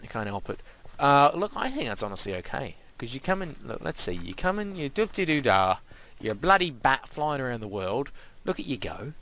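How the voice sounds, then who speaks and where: A man's voice: mid-range voice, big pitch swings, brisk, pushed and bright. A young man giving casual, rambling let's-play commentary and playfully talking to the animals and objects in his game. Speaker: gaming channel host.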